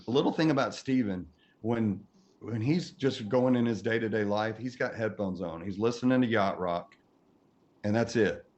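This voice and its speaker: A man who is a podcast guest, telling a comic story in an animated way and laughing often through it. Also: lowish voice. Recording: muffled audio with faint noise.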